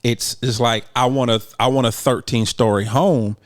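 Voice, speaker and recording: A man's voice: medium pitch, steady tone, moderate pace, no room sound, studio quality. A man co-hosting a couples podcast, talking things through and often repeating phrases as he thinks aloud. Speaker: podcast co-host. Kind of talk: casual couple chat.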